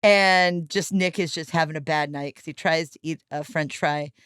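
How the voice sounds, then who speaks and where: A woman hosting a casual podcast chat about a film, telling scenes in an animated way and acting out the quotes. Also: low voice, moderate pace, clear, resonant tone, no echo. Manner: animated storytelling, acts out quotes. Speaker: podcast host. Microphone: podcast microphone.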